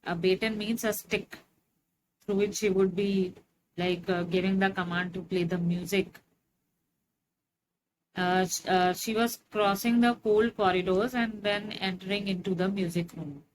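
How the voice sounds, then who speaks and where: A woman teacher talks through a story line by line at an unhurried pace, pausing on fillers as she explains. Her voice sits at a middle pitch. A steady noisy hiss runs under the recording. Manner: slow, explanatory, frequent fillers. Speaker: English teacher.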